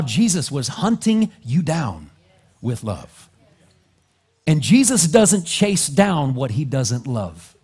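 A male pastor preaching a sermon, dropping to soft, low asides and then climbing into loud, rising exhortation. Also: big pitch swings, slow, breathy edge. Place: church sanctuary.

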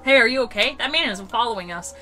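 A woman's voice: a little high, animated, fast, pushed and bright, soft background music. A woman voicing a worried young heroine from a visual-novel game, reading her lines earnestly. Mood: urgent. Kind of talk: reading game dialogue aloud.

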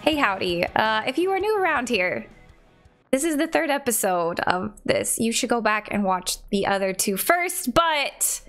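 A woman hosts a relaxed gaming video in a slightly high voice. She talks casually and deadpans her jokes about herself. The delivery is easygoing and conversational. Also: a little slow, faint music behind. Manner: dry, self-deprecating humor. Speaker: streamer and channel host.

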